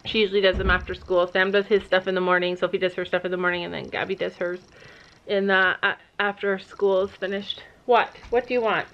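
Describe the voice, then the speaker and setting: A woman's voice: mid-range voice, little pitch movement, fairly quick, fairly bright tone, highs cut off. A middle-aged woman chatting casually in a family vlog, telling funny stories and laughing often. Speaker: vlogger, mother of the family. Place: family home and horse barn.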